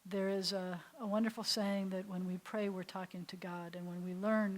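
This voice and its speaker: A woman rabbi leads a calm class on prayer, her voice sitting at an ordinary middle pitch. She chants Hebrew phrases slowly and then explains each one gently, now and then dropping to a soft near-whisper. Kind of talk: adult education class on prayer.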